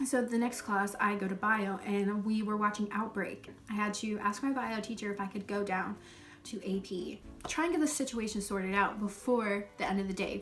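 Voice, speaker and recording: A woman's voice: mid-range voice, recorded from a distance. A young woman animatedly retelling a school story on her vlog, with swearing and lots of "like". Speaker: vlogger.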